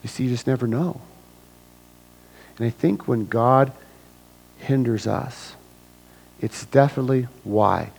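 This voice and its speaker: A male pastor delivering an animated sermon. He swings between big, almost shouted bursts when he acts things out and quiet, low-voiced stretches when he gets serious. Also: unhurried, gravelly, pauses often, husky, rough recording. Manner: animated, acts out scenes with sudden loud bursts; drops to a hushed low voice for serious points.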